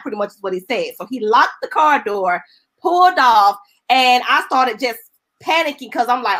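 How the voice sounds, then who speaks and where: A woman's voice: sits high, big pitch swings, moderate pace, pushed and bright. A woman evangelist, a guest on the show, telling her personal testimony in an earnest, emotional, colloquial storytelling way.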